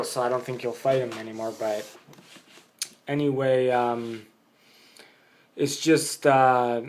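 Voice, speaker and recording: A man giving a casual, blunt boxing opinion monologue, rambling with many fillers. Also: mid-range voice. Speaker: boxing vlogger.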